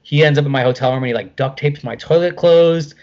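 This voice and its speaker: A middle-aged man telling a casual anecdote as a guest, animated, swearing freely and filling with "like". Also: a little high, quick pace, highs cut off.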